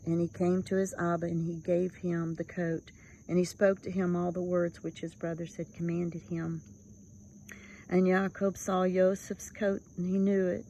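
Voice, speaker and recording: A woman's voice: on the low side, warm tone, poor audio. A woman reading aloud from a religious text, with earnest, dramatic emphasis on the quoted speech. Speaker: scripture reader.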